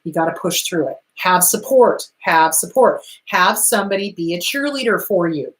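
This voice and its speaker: A woman's voice: on the low side, expressive, normal speed. A middle-aged woman therapist hosting her own show, giving blunt, upbeat advice straight to her viewers, with emphatic, cheerleading encouragement and the odd swear. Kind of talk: direct-to-camera advice talk.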